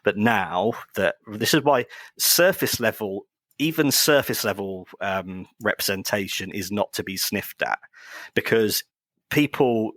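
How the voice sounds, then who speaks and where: A man's voice: on the low side, a bit bright, no echo. A man on a podcast making an earnest point, hesitating with fillers as he builds his argument. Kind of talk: casual podcast discussion.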